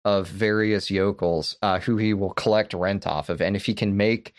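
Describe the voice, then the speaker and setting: A male podcast co-host talks in casual, animated chat and swears freely. His voice sits a little low. The sound is dry and close. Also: normal speed, no room sound. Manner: animated, profane storytelling.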